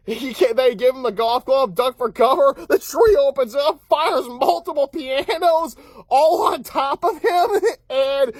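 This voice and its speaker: Man, high voice, dry close sound, casual rambling recap, frequent chuckles, lots of uh and restarts. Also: slow, no room sound. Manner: chuckles often while recapping, upbeat and rambling. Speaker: cartoon episode reviewer.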